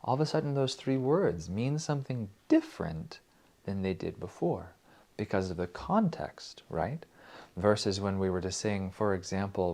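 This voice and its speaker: A man gently teaching about devotional verses, reciting lines slowly and dropping his voice to whispers. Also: fairly low pitch, lively intonation. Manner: slow, gentle, drops to whispers on repeated words. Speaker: spiritual music teacher.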